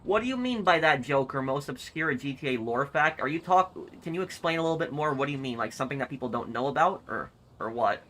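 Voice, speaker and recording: Bright-voiced streamer thinking aloud. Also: male voice, on the high side, animated, quick pace, few pauses. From United States. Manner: thinks aloud, hesitant, repeats himself. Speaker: game streamer. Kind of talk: live stream, reading chat.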